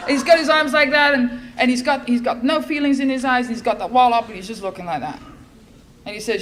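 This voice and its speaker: A middle-aged woman giving a personal testimony at a recovery fellowship event, telling her story in a lively way and acting out the lines she quotes. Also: on the high side, fairly quick, noisy background. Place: large event hall. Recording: echoey hall with faint ambience.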